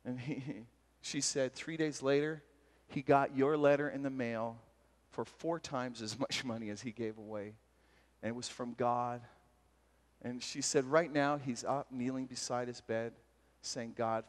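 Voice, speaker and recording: A man giving a talk at a retreat, telling personal stories in a lively, self-deprecating way with frequent laughs. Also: mid-range voice, measured pace. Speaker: retreat speaker. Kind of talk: storytelling sermon talk. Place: large hall at a retreat. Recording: long hall reverb from a live talk.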